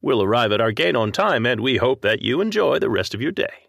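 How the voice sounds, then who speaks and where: A man's voice: medium pitch, big pitch swings, fairly quick, creaky, a bit bright, no room sound, clean studio sound, pitched above the performer's own voice, full character voice. A man voicing an airline pilot making a cabin announcement, hesitant and full of fillers. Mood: folksy.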